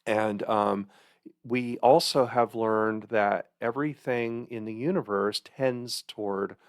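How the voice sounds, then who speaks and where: A man's voice: lowish voice, steady tone, takes it slowly, no echo, studio quality. A man in his sixties, a podcast host who tells a story in a rambling, hesitant monologue and chuckles now and then. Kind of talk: casual monologue.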